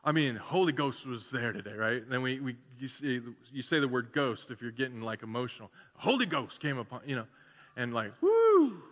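A man's voice: mid-range voice, brisk, fairly bright tone. A man preaching a sermon to his church in a loose, conversational way, full of fillers and acted-out asides. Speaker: pastor. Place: church sanctuary. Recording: long church hall reverb.

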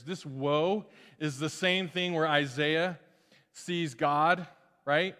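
Joking pastor preaching in a reverberant church. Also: male voice, fairly high pitch, slow. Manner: lively, joking, often restarts mid-phrase. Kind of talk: sermon. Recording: long hall reverb.

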